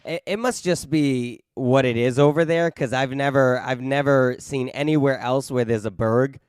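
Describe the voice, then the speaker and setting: A man's voice: medium pitch, fairly even intonation, moderate pace, clean tone, no echo, studio quality. A man hosting a casual podcast interview, asking easygoing questions and cracking light jokes. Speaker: podcast host.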